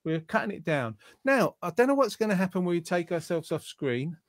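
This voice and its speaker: A man's voice: sits high, sing-song, a little fast, no echo. A man hosting an online quiz show, reading out viewers' answers and teasing them in a jokey way. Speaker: quiz host.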